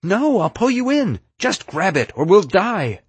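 A man's voice: lowish voice, expressive, fairly quick, breathy edge, dry recording. A man doing a stubborn teen spy girl. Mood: stern. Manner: sharp, clipped shouts. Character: tough teenage girl spy, curt and stubborn.

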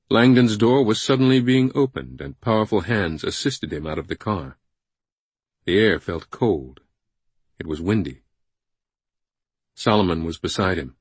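Deep, husky thriller audiobook narrator. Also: male voice, no echo.

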